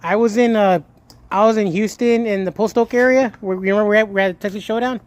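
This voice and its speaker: A young man livestreaming and chatting casually to his viewers. He tells stories in a lively way, swears and then corrects himself, and thanks a donor with a lot of emotion. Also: high voice, quick pace, no room sound. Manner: animated storytelling, swears and self-corrects, emotional gratitude.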